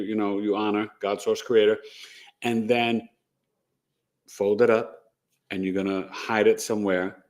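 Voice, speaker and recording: A man with a lowish, darkish voice hosts an astrology show as a casual live stream. He rambles and tends to close his points with "right?"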